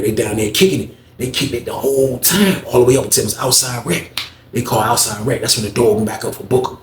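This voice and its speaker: A man telling a story in casual slang, animated and acting out the voices. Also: mid-range voice, recorded from a distance, a little hiss or hum. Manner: animated, slangy, acts out every voice. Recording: roomy echo.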